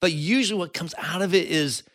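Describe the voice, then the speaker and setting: A man co-hosting a podcast, talking earnestly and reflectively, with animated bursts. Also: high voice, brisk. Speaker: podcast co-host. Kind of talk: casual chat.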